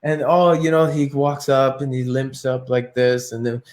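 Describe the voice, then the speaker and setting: A martial arts teacher telling a story in an interview, animated and acting out his inner thoughts. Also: mid-range voice, normal speed. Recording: echoey room.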